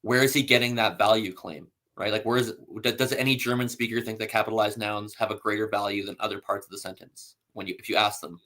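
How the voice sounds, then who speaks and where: A man's voice: fairly low pitch, fairly even intonation, fast talker, few pauses, pushed and bright. A man hosting a casual scholarly discussion, explaining patiently and reading citations aloud with frequent fillers. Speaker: host.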